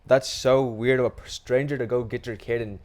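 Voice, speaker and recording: A man co-hosting a podcast in casual chat, animated and swearing freely. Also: mid-range voice, brisk. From Hispanic family in the United States. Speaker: podcast co-host.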